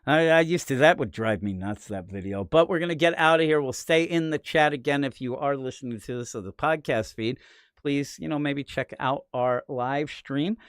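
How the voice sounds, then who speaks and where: A man's voice: normal speed, clear, resonant tone, dry recording, studio quality. An American man co-hosting a comic-book podcast in casual, jokey chat, sometimes putting on silly voices. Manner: jokey, puts on silly high accent voices. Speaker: podcast co-host. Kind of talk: casual live-stream chat.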